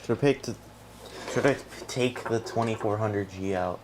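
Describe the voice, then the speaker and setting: A man's voice: lowish voice, moderate pace, noisy background. A man casually chatting and teasing a friend while helping build a computer. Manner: teasing, dry remarks.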